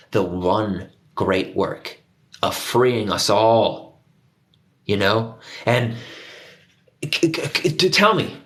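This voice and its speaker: A man's voice: medium pitch, fairly bright tone. A man hosting his own video, delivering a heated profane rant straight to his viewers and repeating himself for emphasis. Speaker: conspiracy video host.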